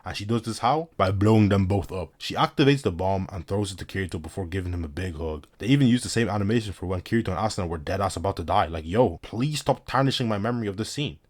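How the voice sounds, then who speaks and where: A young man with a fairly low voice cracking jokes through an anime recap. He talks in heavy slang, hyped and riffing on every scene. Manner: slangy, hyped, joking asides. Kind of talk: comedic anime recap commentary.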